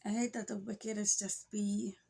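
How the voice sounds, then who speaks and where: This vlogger's voice is mid-range, warm and husky with a creaky edge, and she keeps a level tone at a measured pace. Nursing a cold, she chats to her camera in a rambling, emotional way, sometimes dropping almost to a whisper, all captured on a phone or camera mic.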